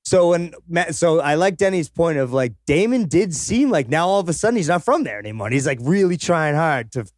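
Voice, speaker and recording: A man's voice: on the high side, animated, fairly quick, dry recording, studio quality. A man co-hosting a film podcast, chatting casually, rambling and swearing freely, often trailing off mid-sentence. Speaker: podcast co-host. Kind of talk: casual chat about a film.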